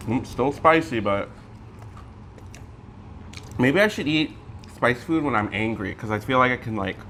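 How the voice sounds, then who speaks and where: A man with a lively, bouncing voice, sassy and a little indignant, talking casually while eating at home. His pitch swings around as he vents, and faint background noise sits under the recording. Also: moderate pace. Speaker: co-host. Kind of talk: casual mukbang chat.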